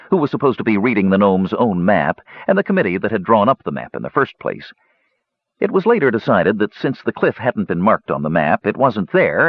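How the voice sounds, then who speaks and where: Deep husky male audiobook narrator. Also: dry recording. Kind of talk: scripted fantasy narration. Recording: dull lo-fi dry recording.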